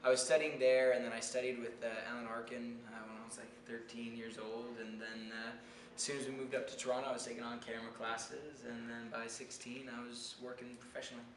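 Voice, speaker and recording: A man from New York, an actor answering interview questions in a relaxed, easygoing way with frequent fillers. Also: medium pitch, fairly quick. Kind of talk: casual interview chat. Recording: echoey room with noise.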